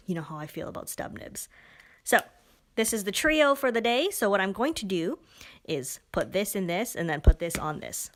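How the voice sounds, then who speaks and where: A woman hosting a casual live stream from a pen shop, chatty and giggly, with self-mocking asides as she demonstrates inks. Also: mid-range voice. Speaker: live-stream host demoing pens and ink.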